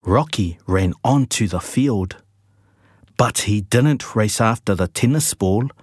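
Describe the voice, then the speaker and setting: A man reading a children's picture book aloud, with a slow, lively read-aloud manner. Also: on the low side, breathy edge, dry recording, studio quality. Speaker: storybook reader.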